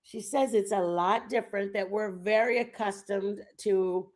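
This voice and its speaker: A middle-aged woman from the United States rambles on a live stream, chatting loosely with her viewers. She sits at a middling pitch, and her talk wanders from one aside to the next. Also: measured pace. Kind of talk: casual chat.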